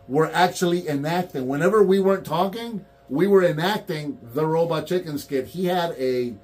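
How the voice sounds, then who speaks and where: A man's voice: fairly high pitch, moderate pace. A man in casual chat about toy collecting, telling stories and acting out quotes. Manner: animated storyteller, acts out quotes.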